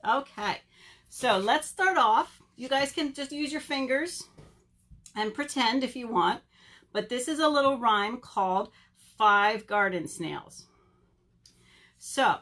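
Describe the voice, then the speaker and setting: A woman's voice: on the high side, measured pace, long pauses, fairly bright tone. A young woman, a children's librarian, leading a virtual storytime and asking kids questions in a playful way. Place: home or library, on video.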